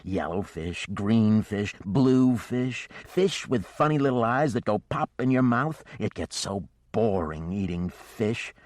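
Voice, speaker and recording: A man's voice: on the low side, lively intonation, slow pace, few pauses, a little mellow, dry recording, studio quality. A man voicing a chatty, blunt male fish-man sea skipper.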